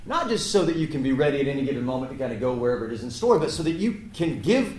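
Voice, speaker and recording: A man, an actor on a press panel, telling a story in an animated way, laughing and swearing freely. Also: mid-range voice, rapid-fire. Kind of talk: casual storytelling. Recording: echoey room.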